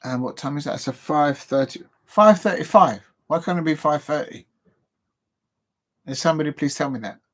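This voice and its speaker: An Englishman hosts a live football show, rambling casually through match predictions and chatting to viewers in a self-deprecating way. His voice is fairly high and his pace moderate.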